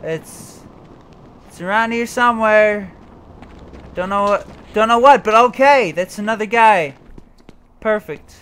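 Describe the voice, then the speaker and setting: Here a man delivers let's play commentary as he games, muttering to himself and letting out curses and yelps when startled. He speaks at a measured pace with long pauses, in a high, smooth, slightly bright voice.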